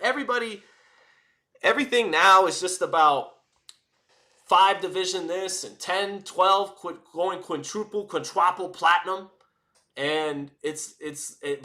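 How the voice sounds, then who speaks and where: A man talks on his live stream in a bright, forceful voice that sits a little high. He rambles through casual commentary with plenty of fillers and restarts, close to a desk microphone. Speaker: boxing commentator and livestream host.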